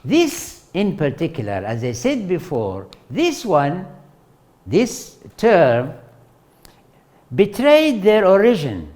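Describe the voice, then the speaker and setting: A man giving a university lecture, a native Arabic speaker talking in English, slow and halting, with many fillers, repeats, and questions to the class. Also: high voice, wildly swooping pitch, darkish tone. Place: lecture hall.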